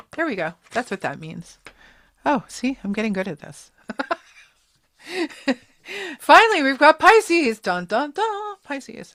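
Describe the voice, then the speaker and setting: A woman doing a casual tarot reading for viewers, chatty and emotional, calling them darling and sweeties as she goes. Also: on the low side. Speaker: tarot reader.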